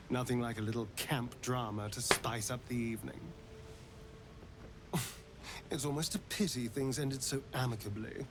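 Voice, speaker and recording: A sardonic, mocking elf, played by a man in a video game. His voice sits in a middle pitch and drips with smugness. Game music plays clearly underneath. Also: steady tone, measured pace, pauses often, lightly acted. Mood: amused. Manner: smug and mocking. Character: sly, sardonic male elf companion who relishes conflict.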